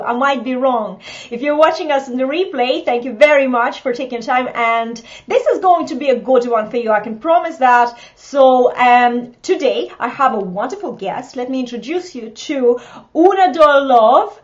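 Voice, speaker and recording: A woman hosts a live online chat over a video call. Her voice sits high and her talk is eager, full of restarts and asides. The audio is a little dull and lo-fi. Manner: chatty, enthusiastic, with restarts and fillers. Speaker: host.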